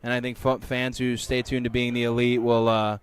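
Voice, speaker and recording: A man, a professional wrestler, answering interview questions in a candid, relaxed and conversational way. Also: mid-range voice, brisk, clear, resonant tone.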